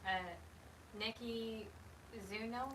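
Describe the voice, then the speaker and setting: A woman's voice: a little high, flat delivery, takes it slowly. A woman reading viewer comments aloud in a hesitant way with filler words, heard off-mic. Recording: distant off-mic voice with faint room noise.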